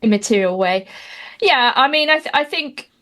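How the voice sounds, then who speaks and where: A woman's voice: high voice, lively intonation, moderate pace, fairly bright tone. A woman, chatting as an interview guest, talking wryly with many fillers and restarts. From Britain. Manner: dry, wry humor with many fillers and restarts. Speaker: guest commentator. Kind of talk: casual interview chat.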